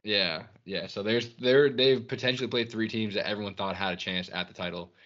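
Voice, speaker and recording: Low-voiced, bright podcast co-host. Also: male voice, a little fast, muffled recording. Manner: loose, rambling, profane. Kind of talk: casual sports chat.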